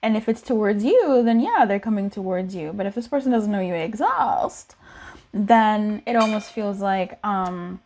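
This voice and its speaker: A woman's voice: medium pitch, moderate pace, darkish tone. A woman giving a casual tarot reading in a chatty, giggly, playful way. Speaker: tarot reader.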